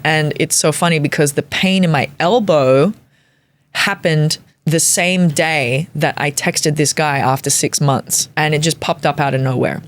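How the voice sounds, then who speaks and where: A woman in her forties, a comedian guest on a podcast, telling a story in an animated, comic way with casual swearing. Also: on the low side. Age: 40s.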